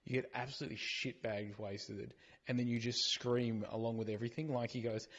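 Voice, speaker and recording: Husky man, blunt and sweary. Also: mid-range voice, flat delivery, fairly quick, highs cut off. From Australia. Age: middle-aged. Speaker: podcast co-host. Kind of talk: casual chat.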